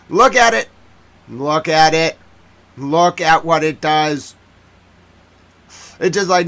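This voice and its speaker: A man giving excitable live commentary on footage as a streamer, slangy and repetitive, swinging between hushed and loud. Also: high voice, moderate pace. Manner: slangy, repeats phrases.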